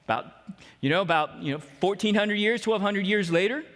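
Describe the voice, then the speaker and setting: A pastor with a notably high voice delivers a storytelling sermon, slipping into voices for the people he quotes. His words ring out with a long reverb that fills the church hall. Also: brisk, a bit bright. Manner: storytelling preacher who acts out quoted voices. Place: church sanctuary.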